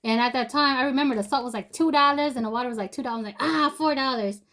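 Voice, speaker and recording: A woman's voice: fairly high pitch, rapid-fire, a bit bright. A young woman telling a personal story in a loose, rambling way, full of fillers and restarts. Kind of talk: casual spoken storytelling.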